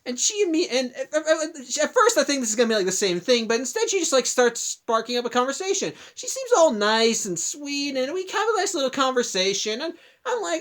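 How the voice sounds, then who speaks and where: A man's voice: very high voice, very animated, fairly quick, fairly bright tone. A man in his twenties tells a long story in vlog style, rambling, with many restarts and asides. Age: 20s. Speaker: vlogger.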